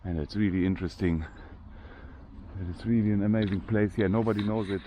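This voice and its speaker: A man's voice: on the low side, steady tone, a little fast, mellow, a little hiss or hum. An older man with a German accent, chatting casually in unpolished English while walking through a large cemetery for his vlog. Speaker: vlogger.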